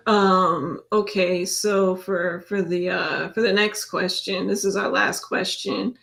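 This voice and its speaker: A woman's voice: on the low side, fairly even intonation, takes it slowly, gravelly, fairly bright tone. A woman co-hosting a casual talk, easygoing and repeating words as she goes. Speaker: podcast co-host asking questions. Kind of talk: casual conversation.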